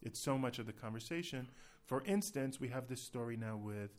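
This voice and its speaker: A man's voice: medium pitch, lively intonation, fairly quick, darkish tone. A man hosting a casual podcast, talking in a chatty, self-deprecating way with loose restarts. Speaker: podcast host.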